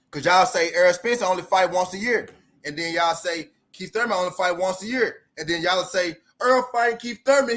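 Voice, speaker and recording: A man hosting a live sports talk stream, reading out chat messages and ranting in a slangy, animated way. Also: a little high. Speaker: boxing talk show host.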